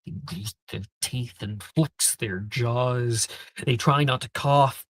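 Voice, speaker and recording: Slow-narrating male game master. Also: medium pitch, dry recording. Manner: slow, hushed, descriptive narration.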